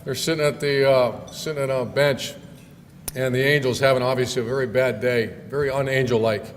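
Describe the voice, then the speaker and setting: A middle-aged man, a football coach, giving a banquet speech with jokes. He tells stories in a folksy way with many filler pauses. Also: medium pitch, fairly even intonation. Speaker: football coach, guest speaker. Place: large banquet hall. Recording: long hall reverb, faint room noise.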